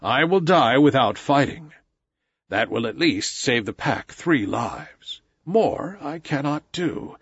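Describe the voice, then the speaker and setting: A man's voice: medium pitch, lively intonation, slow pace, fairly bright tone, slightly rough, dry recording, full character voice. A man voicing a weary, solemn old male wolf who leads the pack, in a slightly dull recording.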